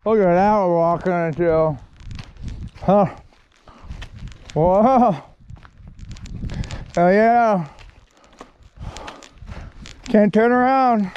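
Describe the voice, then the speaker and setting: A man with a strikingly high voice talks in a slow, drawn-out way as he hikes outdoors. He whoops, laughs and swears freely into a handheld camera while walking. There is a faint hiss of background noise. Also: lo-fi sound. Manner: exclamatory, profane, laughs often, loud whoops. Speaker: long-distance hiker vlogging. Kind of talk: casual walking vlog monologue. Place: outdoors on a mountain road.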